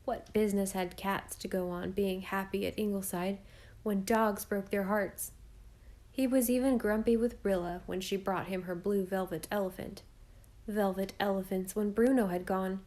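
Reading a classic children's novel for an audiobook, this medium-pitched female narrator keeps a measured pace and an expressive storytelling style.

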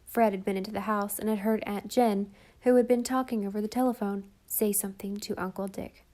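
Female audiobook narrator, mid-pitched, reads a children's story with light character shifts. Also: steady tone, brisk, mellow.

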